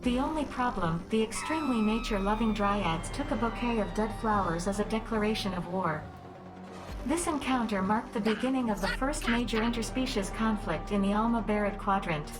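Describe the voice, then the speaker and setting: A woman voicing a calm female station AI that narrates the game's story in an even, measured way. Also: mid-range voice, natural voice. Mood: wry. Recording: game audio over music. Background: game music.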